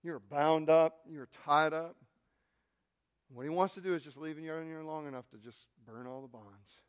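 A male pastor preaching a sermon, telling a story and swinging from quiet, intimate asides to loud, shouted peaks. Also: a little high, steady tone, normal speed, smooth.

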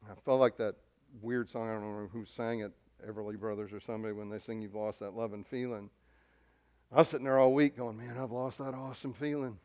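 Preaching fast in a lowish voice, this pastor is excitable and emphatic, repeating words frequently and alternating between loud emphasis and quiet asides.

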